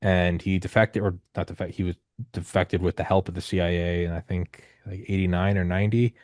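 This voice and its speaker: A man in his thirties hosting a podcast, telling stories in a loose, rambling, animated way with casual swearing. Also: low voice, fairly quick, no echo, clean studio sound. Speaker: podcast host. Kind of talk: casual conversational storytelling.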